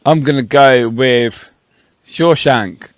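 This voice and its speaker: A man's voice: medium pitch, takes it slowly, no echo, studio quality. A man co-hosting a casual podcast chat, blunt and emphatic and swearing. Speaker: podcast co-host.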